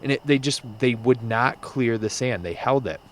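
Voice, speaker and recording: A young man guest on a podcast, telling a story casually with halting restarts. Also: mid-range voice, a little hiss or hum.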